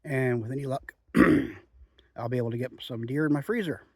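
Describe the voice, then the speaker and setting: A man chatting in a relaxed, rambling way outdoors in the woods while reviewing a chew. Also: medium pitch, brisk, husky, no room sound. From Oregon. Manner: chatty, relaxed, frequent "um" and "you know". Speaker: outdoor vlogger reviewing chewing tobacco. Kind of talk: rambling casual monologue.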